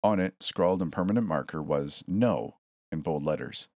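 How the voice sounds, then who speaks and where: A man narrating a horror story in a steady, tense storytelling manner. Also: a bass voice, fairly quick, no room sound, clean studio sound.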